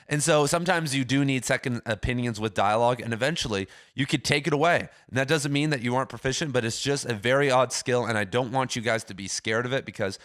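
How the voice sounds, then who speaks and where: A man's voice: medium pitch, quick pace, few pauses, fairly bright tone. Chatty young man hosting a writing channel. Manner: enthusiastic, rambling, quotes himself with "dude". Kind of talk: casual talk to camera.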